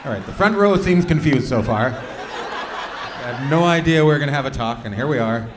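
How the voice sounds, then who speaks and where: A man's voice: mid-range voice, animated, moderate pace. A man doing profane, teasing stand-up crowd work with the audience in a comedy club. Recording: echoey club, loud crowd noise.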